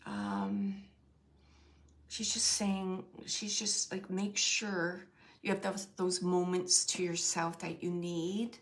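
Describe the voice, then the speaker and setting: A woman working as a medium, giving a gentle spirit reading to a sitter, halting and searching as she relays messages, with many fillers and restarts. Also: mid-range voice. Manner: gentle and reassuring. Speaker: psychic medium.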